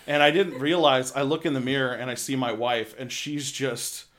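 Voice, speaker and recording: A man's voice: mid-range voice, normal speed, a crowd in the background. A man telling crude, laughing stories in a casual chat. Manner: animated, laughing, crude storyteller.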